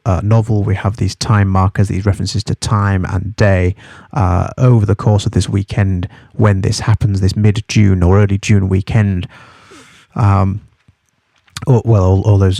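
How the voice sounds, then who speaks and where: A man teaching as he explains a novel for a study guide, halting and thorough, spelling terms out. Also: fairly low pitch, creaky, dark tone, dry recording, studio quality.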